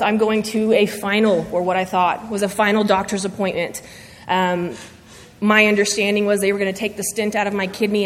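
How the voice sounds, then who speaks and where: Earnest woman in a reverberant hall. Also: medium pitch. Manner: earnest, halting, emotional, with pauses and fillers. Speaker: church member giving testimony. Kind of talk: personal faith testimony. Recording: long reverb of a large hall.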